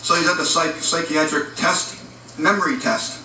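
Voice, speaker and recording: A man's voice: fairly high pitch, fairly even intonation, normal speed, noisy background. A man telling rambling, crude jokes at a reunion gathering, recorded in an echoey room from a distance. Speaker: joke teller. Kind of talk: casual joke telling.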